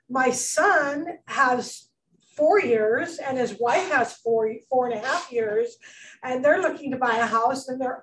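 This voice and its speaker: A middle-aged woman giving a rambling personal tribute at a memorial, halting and full of restarts. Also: sits high, a bit bright. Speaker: speaker at a memorial. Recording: distant mic with faint background noise.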